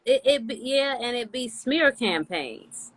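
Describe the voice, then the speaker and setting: A woman's voice: a little high, animated, unhurried. A woman co-hosting a casual live stream, chiming in with emphatic, profane agreement. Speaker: co-host. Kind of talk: casual livestream chat. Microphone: phone livestream.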